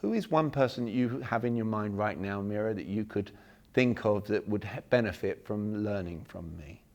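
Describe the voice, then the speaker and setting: Male speaker, 40s, gravelly edge, animated seminar delivery acting out example lines. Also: lowish voice, normal speed, highs cut off. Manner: animated, acts out sample messages, jokes with the room. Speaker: workshop speaker. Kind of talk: live seminar talk to an audience.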